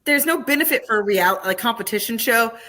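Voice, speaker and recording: A woman with a bright, clear voice chats as a podcast guest. She tells her stories with animation and breaks into laughter often. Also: on the high side, animated, a little fast. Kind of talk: casual interview chat.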